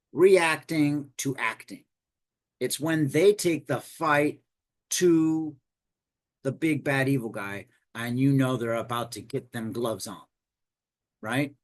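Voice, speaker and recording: Man, casual storytelling lesson, lively and rambling, mid-pitched voice. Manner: animated, digressive, conversational explaining. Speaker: game master teaching storytelling. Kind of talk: informal lesson.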